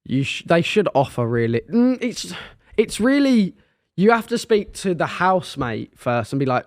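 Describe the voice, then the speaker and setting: A young man with an Essex accent chats on a podcast, his slightly high voice bouncing up and down. He laughs a lot and keeps restarting his sentences. The sound is close and dry. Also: very animated, moderate pace, a little mellow, no echo. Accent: Essex English. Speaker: podcast co-host. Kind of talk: casual chat.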